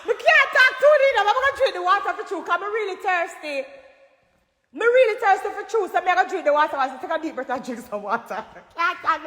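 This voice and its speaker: A Jamaican woman speaks to her fans in a high voice, emphatic and animated, often rising to loud bursts. Her phone sits in a room that echoes with a long reverb trail. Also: a little fast. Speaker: dancehall artist addressing fans. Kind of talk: casual livestream talk. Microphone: phone livestream.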